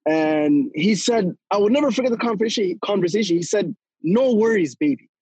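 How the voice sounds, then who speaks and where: High, husky young man telling stories. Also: fairly quick, no echo, rough recording. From Toronto, Canada. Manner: animated, laughs often, acts out quotes. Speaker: guest storyteller. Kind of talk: casual podcast storytelling.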